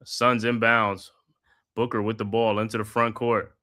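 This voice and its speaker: A man with a fairly low voice runs a live watch-party stream, narrating each play steadily at a measured pace while dropping casual slang along the way.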